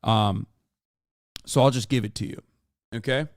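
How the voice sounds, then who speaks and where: A man's voice: medium pitch, fairly even intonation, unhurried, dry recording, studio quality. A man in his thirties, a streamer giving casual, profane live-stream commentary, ranting emphatically with plenty of fillers. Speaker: streamer reacting to a clip.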